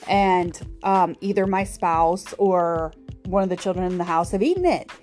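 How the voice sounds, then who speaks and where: A woman hosts a podcast on her own, chatting casually with lots of fillers and little laughs in a solo monologue. Her fairly low, slightly mellow voice runs at a normal speed with hardly any pauses, and faint music plays behind her.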